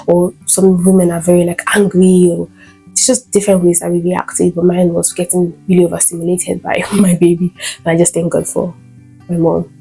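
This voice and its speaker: Husky-voiced young mom vlogging. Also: female voice, fairly low pitch, low-quality recording. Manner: chatty, many fillers, animated bursts. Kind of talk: casual storytime vlog. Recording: faint guitar music behind.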